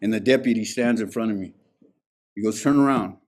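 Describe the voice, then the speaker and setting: A man's voice: on the low side, fairly even intonation, a little fast, a little mellow. A man sharing his recovery story at a meeting, candid and profane in a streetwise way. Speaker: speaker at a recovery alumni meeting. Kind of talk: personal recovery testimony.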